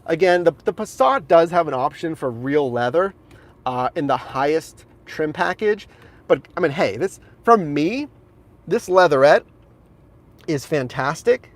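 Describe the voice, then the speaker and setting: A man's voice: a little high, animated, measured pace. Upbeat man giving a car tour on a live stream. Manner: enthusiastic, chatty, addresses viewers as guys. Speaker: rideshare driver and streamer. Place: in and around a car outdoors. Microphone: handheld phone camera.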